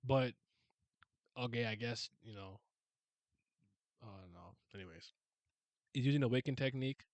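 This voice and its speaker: A man's voice: medium pitch, no room sound. A man hosting a casual reaction to a new manga chapter, talking straight to his viewers in loose slang and reading bits aloud, with a handheld mic held close. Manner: casual, excitable, talks to the audience with slang. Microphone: handheld mic on a swing arm, held close.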